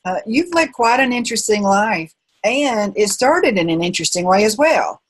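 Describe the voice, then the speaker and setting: A woman's voice: medium pitch, moderate pace, poor audio. A woman hosting an interview podcast, asking questions in a friendly, inquisitive way. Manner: friendly, lively greeting, inquisitive. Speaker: podcast host.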